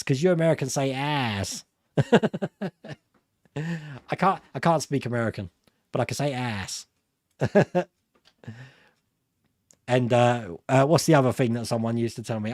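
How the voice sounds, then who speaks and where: A man's voice: medium pitch, measured pace, pauses often, a little mellow, no room sound, clean studio sound. A middle-aged British man with a British accent, hosting a live stream and chatting casually through viewer comments, rambling and laughing at himself. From Britain. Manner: chatty and rambling, laughs often, self-mocking.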